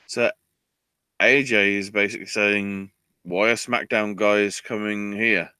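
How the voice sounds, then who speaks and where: A man's voice: lowish voice, fairly even intonation, measured pace, sharp tone, smooth, no room sound. A man hosting a podcast, recapping a show in casual chat with sarcastic, exasperated storytelling. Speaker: podcast host.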